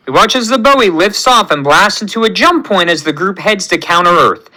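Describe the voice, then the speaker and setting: A man hosting his channel, reading a fan story aloud with lively narration. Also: high-pitched, a little fast, low-quality recording. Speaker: channel host.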